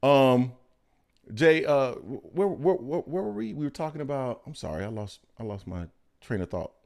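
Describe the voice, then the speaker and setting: A male podcast host talking boxing in casual chat. His pitch moves a lot as he jumps between loud joking and slower, lower analysis. He talks like he's among friends. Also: gravelly. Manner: excitable, swings from loud joking to low calm analysis.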